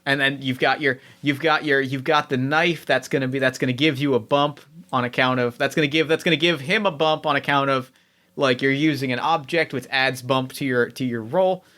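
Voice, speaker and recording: Animated male game master, bright voice. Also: medium pitch, brisk. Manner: animated, repeats himself while narrating. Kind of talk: narrating a tabletop game.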